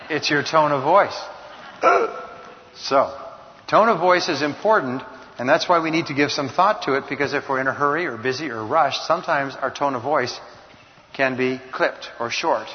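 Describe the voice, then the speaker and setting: Emphatic man lecturing in a reverberant hall. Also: medium pitch. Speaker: speaker on communication. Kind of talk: motivational lecture. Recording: dull sound, long hall reverb.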